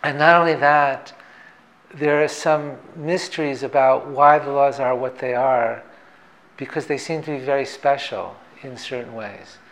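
A man, a theoretical physicist, explaining ideas in a thoughtful, measured, professorial way. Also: mid-range voice, steady tone, fairly bright tone, poor audio. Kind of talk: reflective explanatory talk.

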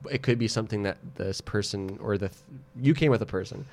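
A young man co-hosting a comedy podcast, talking in halting bits with many fillers. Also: fairly low pitch, a little mellow. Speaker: podcast co-host. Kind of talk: casual comedy podcast chat.

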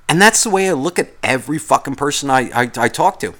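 A man's voice: on the high side, lively intonation, quick pace, hardly any pauses, fairly bright tone. A man hosting a podcast, talking in a casual, rambling, profane monologue full of complaints. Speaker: podcast host.

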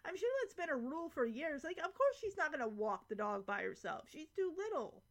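High-voiced, chatty young woman vlogger. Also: big pitch swings, normal speed, few pauses, a bit bright. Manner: chatty, rambling, giggly asides. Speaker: vlogger recapping a sitcom episode. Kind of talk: casual recap chat.

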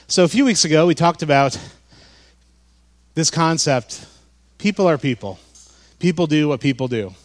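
A man preaching a sermon as pastor, in a relaxed, conversational way with frequent fillers and restarts. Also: mid-range voice.

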